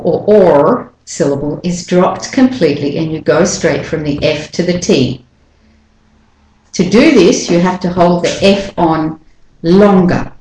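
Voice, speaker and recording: A woman gives a pronunciation lesson, breaking words into syllables and saying each word again and again. Her voice sits a little low and she speaks very slowly. The sound rings in an echoey room. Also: warm tone, a little hiss or hum. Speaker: pronunciation teacher. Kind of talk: slow, deliberate pronunciation lesson.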